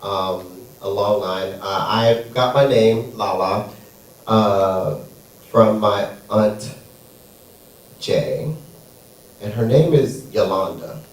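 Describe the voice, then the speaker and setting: A man's voice: on the low side, slow, pauses often. A man performing a stand-up comedy set on a theater stage, sassy and playful, drawing out his punchlines. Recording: echoey room, far from mic.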